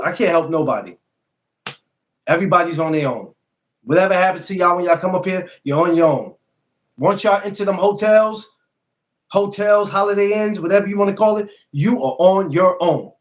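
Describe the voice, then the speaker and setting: New guy on his livestream, kinda high voice, cussing, says everything twice. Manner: repetitive, blunt, profane, animated. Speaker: podcast host. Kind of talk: casual livestream chat.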